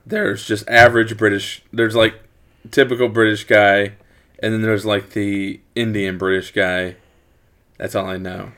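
A man in casual chat, retelling a horror movie plot in a rambling, animated way. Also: lowish voice, unhurried. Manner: rambling, animated storytelling with acted quotes.

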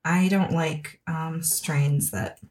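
A woman's voice: deep voice, fairly even intonation, slow, a little mellow. A woman hosting a podcast in casual chat, chatty and laughing often, with fillers. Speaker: podcast host.

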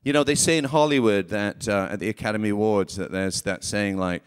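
A man's voice: on the low side, brisk, clean tone. British man answering onstage. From England. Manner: playful, self-deprecating, slips into voices and jokes. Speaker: voice actor guest. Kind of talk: live onstage Q&A. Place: live convention stage.

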